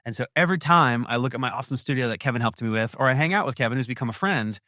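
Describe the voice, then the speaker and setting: A man's voice: mid-range voice, animated, racing, sharp tone, no echo, studio quality. A man hosting a podcast interview, talking in an enthusiastic, effusive way with lots of restarts. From USA. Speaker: podcast host. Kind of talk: casual interview chat.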